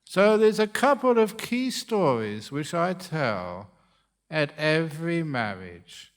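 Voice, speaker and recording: A man's voice: a little high, very animated, takes it slowly. A man who is a monk giving a humorous dharma talk, joking and often laughing at his own stories.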